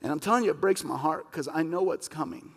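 A man preaching a sermon as pastor, impassioned and emphatic, rising to forceful peaks. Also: on the high side, quick pace. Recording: long reverb of a church hall.

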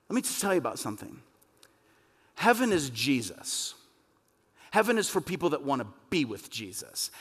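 A man's voice: fairly high pitch, fairly bright tone. Impassioned male pastor in reverberant hall. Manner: impassioned, rising to emphatic peaks. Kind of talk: sermon. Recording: long reverb of a church hall.

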